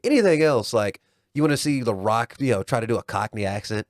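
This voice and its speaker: A man's voice: mid-range voice, expressive, fast talker, no echo, clean studio sound. A man co-hosting a podcast, chatting casually in a laid-back, joking way and swearing now and then. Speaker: podcast co-host. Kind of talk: casual chat.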